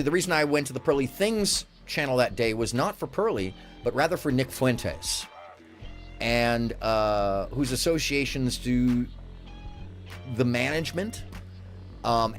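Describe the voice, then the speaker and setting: Animated, rambling male call-in host. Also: medium pitch. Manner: animated, rambling, jokey, swearing. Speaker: live call-in show host. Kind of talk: casual live-stream chat.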